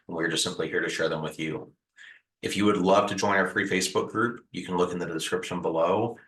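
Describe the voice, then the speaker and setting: Deep-voiced man giving gentle reassurance. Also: roomy sound, slight background noise, rough recording. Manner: gentle, reassuring, repetitive phrasing with fillers. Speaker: host sharing house fire recovery advice. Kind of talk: earnest direct-to-camera advice talk.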